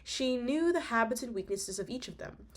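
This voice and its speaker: A woman's voice: a little high, expressive, normal speed. A young woman reading a classic novel aloud, breaking off for slangy, chatty asides. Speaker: audiobook reader.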